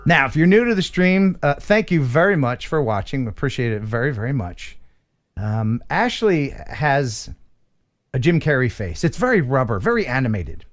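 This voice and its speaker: A man's voice: mid-range voice, sing-song, moderate pace. A man hosting a casual live stream, joking and rambling with his co-hosts. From United States. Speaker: livestream host.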